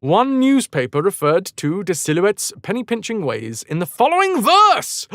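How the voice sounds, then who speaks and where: Rambling streamer with a lively voice. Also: male voice, high voice, takes it slowly, no echo, clean studio sound. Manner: digressive, self-interrupting, wry, swearing. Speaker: livestream host. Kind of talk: casual rambling chat.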